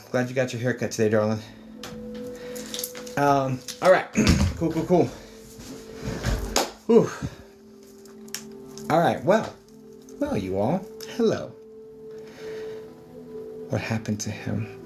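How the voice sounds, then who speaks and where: A man working as a psychic medium, giving a chatty livestream spirit reading full of fillers and calling people darling. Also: mid-range voice.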